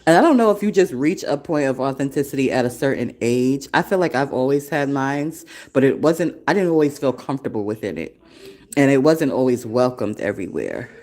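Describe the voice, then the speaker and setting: A woman's voice: rumbling low, expressive, fairly quick, darkish tone. A woman in her forties hosting a casual solo podcast from her desktop, rambling with frequent laughter and heavy cursing. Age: 40s. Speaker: podcast host and café founder. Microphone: desktop computer recording.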